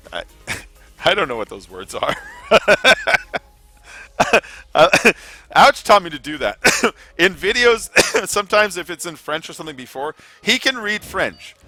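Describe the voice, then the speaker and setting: A man's voice: high-pitched, big pitch swings, measured pace, pauses often, bright, forceful tone. A man chatting casually on his live gaming stream, rambling and swearing now and then, with music playing behind him. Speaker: gaming livestreamer.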